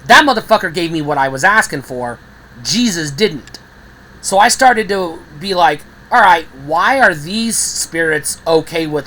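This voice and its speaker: A woman's voice: on the low side, normal speed, poor audio. A woman in a candid personal monologue, blunt and heavily profane, growing heated and acting out the voices she quotes. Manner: animated, acts out quoted voices. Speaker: video creator.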